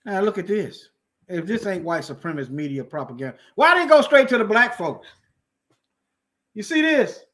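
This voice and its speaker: A man's voice: high voice, big pitch swings, moderate pace, a bit bright. Fired-up preachy male news commentator. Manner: preachy, repeats for emphasis, rhetorical questions. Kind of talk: heated commentary on news articles.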